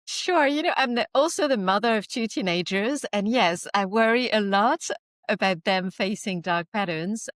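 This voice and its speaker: A woman's voice: mid-range voice, moderate pace, a bit bright, no room sound. A woman in her forties, a native French speaker, explaining her subject as a podcast guest through vivid concrete scenarios. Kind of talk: explanatory interview talk.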